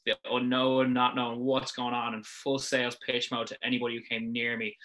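A man's voice: mid-range voice, level tone, fairly quick, sharp tone. A young adult Irish man, a business founder, chatting as a guest in a casual rambling way with many fillers. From Ireland. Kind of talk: casual chat, storytelling.

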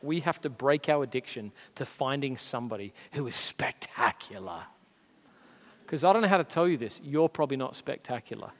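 An Australian man preaching a sermon as a pastor, earnest and conversational, with emphatic rises. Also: mid-range voice. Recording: long reverb of a large hall.

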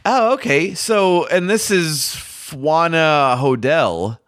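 Lively rambling podcast man. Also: medium pitch, normal speed, dry recording, studio quality. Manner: rambling, lots of fillers. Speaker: podcast co-host. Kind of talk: casual chat about movie trailers.

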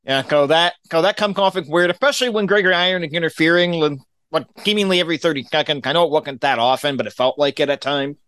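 A man's voice: on the high side, quick pace, a bit bright, clear, resonant tone, no echo. A man casually recapping a wrestling show on a podcast, giving dry, matter-of-fact play-by-play with his own opinions.

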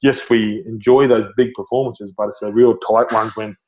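A man's voice: on the low side, normal speed, a little hiss or hum. A middle-aged Australian man tells stories as a podcast guest, his voice rising and speeding up when the tale gets good, with laughs breaking through. The audio is a little dull and muffled, like a simple podcast setup. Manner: animated storyteller, laughs often, says "mate". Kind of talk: storytelling interview.

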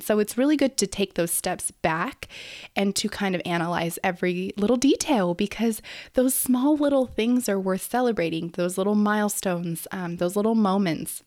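A woman's voice: mid-range voice, moderate pace, no room sound, studio quality. Woman podcaster in her morning voice. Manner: warm explanatory, many fillers and restarts. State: early-morning voice. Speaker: podcast host, speech therapist. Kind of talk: casual educational podcast talk.

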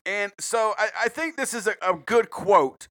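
A man from South Carolina hosting a casual true-crime podcast, profane and rambling with quick jokes. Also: sits high, animated, fairly bright tone. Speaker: podcast host.

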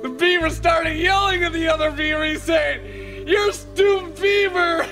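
A man putting on the voice of a goofy, shouting man-child telling a silly story. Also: fairly even intonation, a little slow, faint music behind, exaggerated voice. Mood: goofy yelling. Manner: high, yelling, breaks into laughter.

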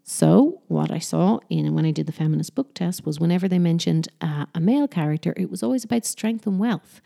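A woman's voice: fairly low pitch, a little fast, creaky, mellow. A woman giving parenting advice in a casual, chatty talk, often correcting herself mid-sentence. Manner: chatty, self-correcting, slips into mock sing-song voices when quoting.

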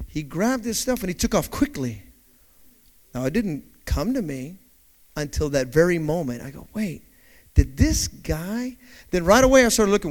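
A man preaching in a church with a high, animated voice that climbs and dips freely. He tells a story, then builds up to shouted preaching. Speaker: pastor. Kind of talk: sermon with personal story.

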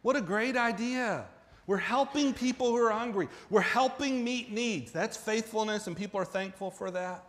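Man, pastor, sermon, slightly high voice, conversational, emphatic peaks. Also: normal speed. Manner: emphatic, rising to near-shouting at peaks; conversational, with direct questions to the congregation.

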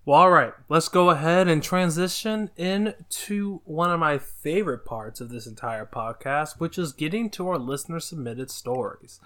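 A young man hosting a podcast, talking slowly and thoughtfully in a casual chat. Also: fairly high pitch, animated, a bit bright. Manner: slow, thoughtful, drawn-out phrasing. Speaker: podcast host.

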